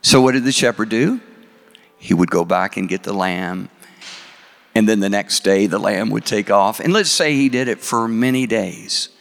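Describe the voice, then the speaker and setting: A man preaching a sermon, asking his congregation questions and reciting scripture slowly. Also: fairly low pitch, gravelly. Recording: long hall reverb.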